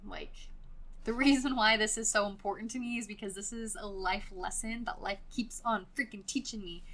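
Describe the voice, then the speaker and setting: Woman, Californian Valley girl accent, podcast host, vocal fry, chatty, says "like" a lot, casual swearing. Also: mid-range voice, steady tone, moderate pace, fairly bright tone. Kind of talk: casual solo podcast chat.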